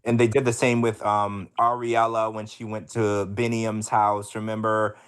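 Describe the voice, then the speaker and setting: A man with a somewhat low voice talks casually as a podcast co-host. He gossips freely and calls his listeners y'all. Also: flat delivery, normal speed, a bit bright, clean tone. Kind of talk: casual chat.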